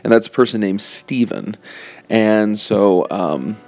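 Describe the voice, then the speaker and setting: A man giving a relaxed, conversational sermon and reading scripture aloud, with fillers and asides. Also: fairly low pitch, takes it slowly, muffled recording. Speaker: pastor.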